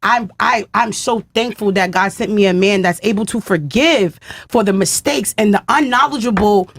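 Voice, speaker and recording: A woman's voice: medium pitch, normal speed, breathy edge, no room sound. A woman, a guest on a podcast panel, insisting on her point and repeating herself to hold the floor. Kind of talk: heated panel debate.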